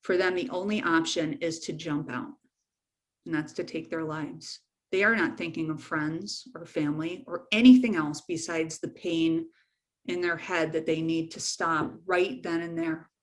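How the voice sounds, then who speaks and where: A woman's voice: deep voice, fairly even intonation, unhurried. A middle-aged woman counselor giving a frank, informal webinar talk to teens, repeating key points for emphasis. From United States.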